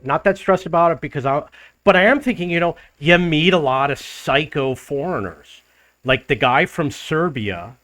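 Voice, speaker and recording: A middle-aged man from the United States, telling a story in a casual monologue and acting out the arguments he quotes. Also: mid-range voice. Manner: animated retelling, acts out quoted arguments. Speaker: travel vlogger.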